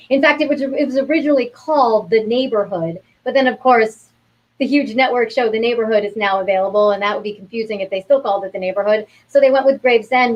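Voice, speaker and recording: A woman's voice: a little high, darkish tone, lo-fi sound. A woman from New York, an actress, chatting upbeat as an interview guest. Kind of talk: casual interview talk.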